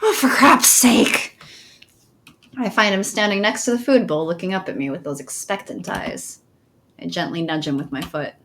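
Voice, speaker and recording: A woman's voice: on the low side, fairly quick, slight background noise. A woman streamer reading a visual novel's narration aloud in a playful tone. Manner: reads game narration aloud in a lively, playful tone. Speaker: let's play streamer.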